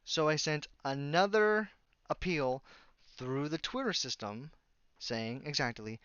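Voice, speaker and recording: A man's voice: mid-range voice, moderate pace, a bit bright, no room sound, muffled recording. Man, casual vlog storytelling, sarcastic, exasperated, dry close sound. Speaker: YouTuber.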